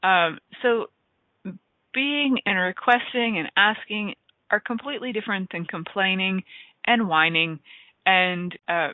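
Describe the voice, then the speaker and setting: A woman's voice: medium pitch, measured pace. A woman hosts a radio show in loose, enthusiastic talk, wandering off on tangents and catching herself. Her voice comes through a narrow, tinny line that sounds like a phone call. The sound is dry, with no room echo. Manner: rambling, enthusiastic, self-interrupting.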